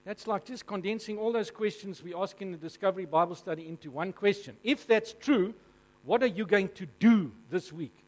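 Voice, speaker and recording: A South African man preaching from the front of a congregation, his voice sitting noticeably high for a man. He tells his stories with humour and keeps drawing the crowd in with questions. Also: normal speed, hardly any pauses, rough recording. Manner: animated and jokey, asking the audience questions. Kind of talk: storytelling sermon to a live congregation.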